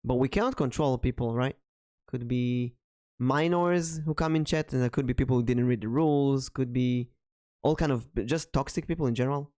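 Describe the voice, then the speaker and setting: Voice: mid-range voice, normal speed, warm tone, dry recording, studio quality. Brief: frank, blunt streamer co-host, mid voice, jokey, casual podcast delivery.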